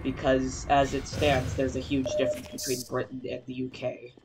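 A young man narrates his gameplay in a loose, rambling way, swearing whenever things go wrong. His voice sits at a middle pitch for a man. Game sounds run clearly behind his home recording. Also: monotone, normal speed, heavy background noise. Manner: swearing, frustrated, rambling asides. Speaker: gameplay commentator. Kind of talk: let's play commentary.

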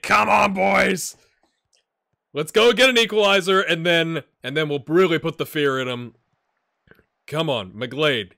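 A man hosting a gaming channel, giving excitable let's-play commentary, cheering on his players and thinking out loud. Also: on the high side, vocal fry, no echo, studio quality. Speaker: video game channel host.

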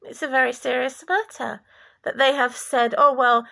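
A woman from former Yugoslavia giving an impassioned religious monologue, deliberate and preachy, sometimes dropping to a whisper. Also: high-pitched, steady tone, vocal fry, a bit bright. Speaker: vlogger.

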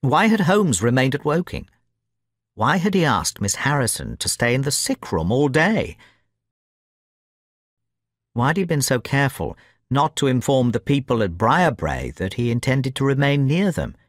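A man's voice: mid-range voice, big pitch swings, no room sound, clean studio sound. Man reading a story aloud. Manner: clear, measured reading for learners. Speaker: audiobook narrator. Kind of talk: scripted audiobook narration.

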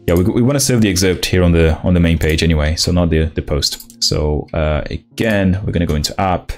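A young man streaming his coding session, thinking aloud in halting restarts and chatting with viewers. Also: low voice, a little mellow. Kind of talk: casual live-coding stream.

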